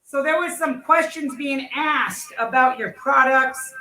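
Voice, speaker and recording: An excitable, chatty livestream host with a bright, sharp edge to the voice. The sound bounces around a roomy space, picked up by a computer mic rather than a headset. The talk runs in quick bursts of enthusiasm. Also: high-pitched, slight background noise. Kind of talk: live-stream chat and interview. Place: home, in California. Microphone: computer mic without headset. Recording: echoey room.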